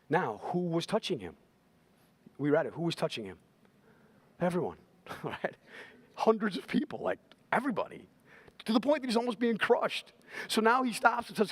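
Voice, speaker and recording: A man preaching a sermon emphatically, repeating phrases and swelling to loud, intense passages. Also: sits high, expressive, moderate pace, long pauses. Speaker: pastor.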